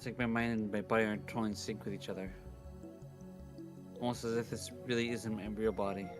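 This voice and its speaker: A man's voice: fairly low pitch, little pitch movement, fast talker, music in the background. A man streaming a visual novel, reading its first-person narration aloud dramatically. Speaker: game streamer.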